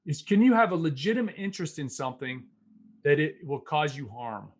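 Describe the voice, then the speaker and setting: A man hosting a podcast as a physician, talking in a loose, animated way, laughing often and tossing in "man" and "it's like.". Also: fairly high pitch, fairly quick. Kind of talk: casual conversation.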